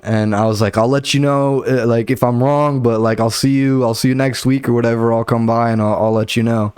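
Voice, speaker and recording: A man's voice: mid-range voice, steady tone, brisk, darkish tone, clean tone, no echo, studio quality. A young man, a comedian hosting his podcast, telling rambling, profane stories and acting out the people in them. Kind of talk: casual solo storytelling. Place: Los Angeles area.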